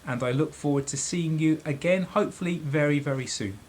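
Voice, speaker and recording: Gentle headmaster reading a children's story. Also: male voice, on the high side, fairly quick, slight background noise. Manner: gentle and friendly, talking directly to children. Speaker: headmaster reading a picture book aloud. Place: school library.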